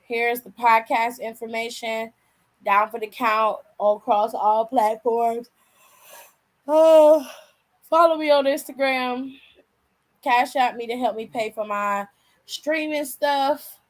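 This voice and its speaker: A woman's voice: fairly high pitch, fairly even intonation, takes it slowly, low-quality recording. A woman hosting a wrestling channel, chatting casually and slangily with viewers on a live stream while tired and yawning.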